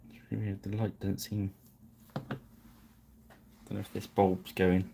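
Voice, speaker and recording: A man's voice: deep voice, level tone, measured pace, vocal fry, noisy background. A man hosting a live painting stream, chatting casually and apologizing with self-deprecating asides.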